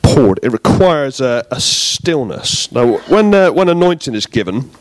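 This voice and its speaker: A man giving a relaxed, jokey sermon in a church, bantering with the congregation. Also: medium pitch, unhurried, no echo. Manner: chatty, jokey, self-deprecating. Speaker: preacher.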